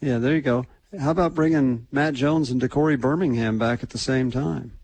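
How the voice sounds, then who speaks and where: A man's voice: mid-range voice, fairly quick, darkish tone, low-quality recording. A man co-hosting casual sports talk radio, musing aloud in easy conversation. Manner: conversational, musing over numbers and guests.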